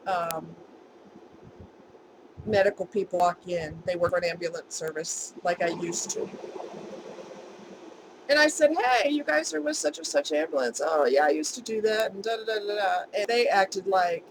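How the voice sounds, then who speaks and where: A woman's voice: medium pitch, noisy background. A woman vlogger telling a personal story in a chatty, emphatic way, repeating words for stress.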